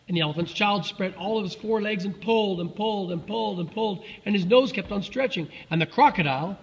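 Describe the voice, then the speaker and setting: A man reading a children's story aloud in a relaxed way, with fillers and self-corrections. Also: sits high, husky, in a large hall, muffled recording.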